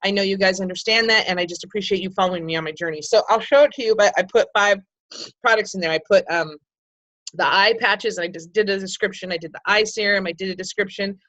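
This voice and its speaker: A woman's voice: mid-range voice, quick pace, a bit bright. A middle-aged woman leading her sales team on a video call, talking candidly and rambling, with lots of restarts and ums. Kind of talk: casual motivational video call.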